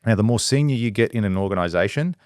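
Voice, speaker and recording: Man, business-owner co-host, blunt and foul-mouthed, mid-pitch, dry close sound. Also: fast talker, no echo. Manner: blunt and profane, acts out quoted people in lively voices. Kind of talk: casual podcast discussion.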